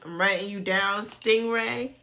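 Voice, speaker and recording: Slow-talking, bright-voiced woman tutor. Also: mid-range voice, slight background noise. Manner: playful, chatty, laughs often, reads questions aloud. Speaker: nursing exam tutor hosting a live quiz game. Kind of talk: casual live-stream quiz teaching.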